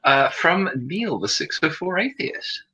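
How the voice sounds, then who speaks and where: A man's voice: fairly high pitch, big pitch swings, measured pace, sharp tone, muffled recording, a little hiss or hum. A man chatting as a guest on a live stream, teasing and laughing a lot. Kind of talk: casual live-stream chat.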